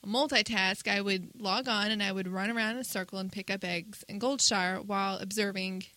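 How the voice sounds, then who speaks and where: Bright-voiced woman telling a wry story. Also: mid-range voice, steady tone, brisk, no echo, poor audio. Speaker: podcast co-host. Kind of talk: casual chat.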